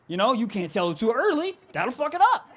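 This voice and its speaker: A man's voice: extremely high pitch, very animated, fairly quick. A young man doing live stand-up comedy, brash and profane, laughing and riffing on the crowd.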